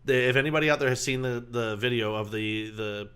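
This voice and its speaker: A man's voice: mid-range voice, fairly quick, fairly bright tone, clear, resonant tone. A young man co-hosting a podcast, talking bluntly and swearing in casual banter. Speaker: podcast co-host. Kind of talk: casual chat.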